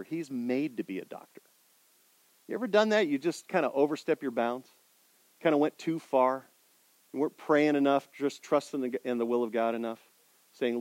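A man preaching a sermon, putting rhetorical questions to his congregation and swinging between loud emphasis and quiet intensity. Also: mid-range voice, moderate pace, dry recording. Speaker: pastor.

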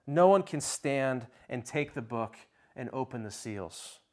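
A man preaching a sermon, swinging between soft, low passages and loud, ringing ones, with slow, dramatic pauses. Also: expressive. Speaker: pastor.

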